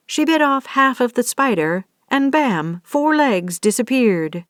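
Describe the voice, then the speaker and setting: A woman narrating a romance audiobook in a steady, scripted reading. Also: high-pitched, unhurried, hardly any pauses, dry recording, studio quality.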